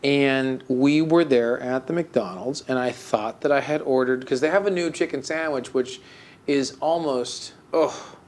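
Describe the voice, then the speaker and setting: A man's voice: medium pitch, measured pace, darkish tone. A man co-hosting a podcast, chatting casually and telling a story with mock melancholy, full of fillers and restarts. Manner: rambling, with many fillers and restarts. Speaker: podcast co-host. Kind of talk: casual chat.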